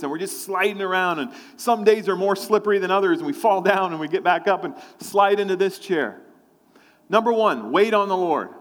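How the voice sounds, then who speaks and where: A man's voice: high-pitched, in a large hall. A man preaching a sermon, telling a personal story and acting out his own thoughts and prayers. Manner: storytelling, acts out his own inner voices.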